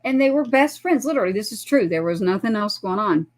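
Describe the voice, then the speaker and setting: A woman's voice: medium pitch, quick pace. A woman, a guest on a talk show, telling a personal story in casual chat and acting out the voices of the people in it. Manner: animated, acts out quoted dialogue.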